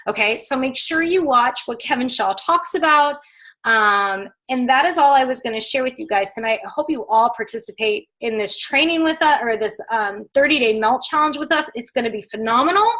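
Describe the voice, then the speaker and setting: A woman coaching her team on a video call, upbeat and excitable, chatting with lots of fillers. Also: fairly high pitch, fairly quick, rough recording. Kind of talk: casual pep talk on a video call.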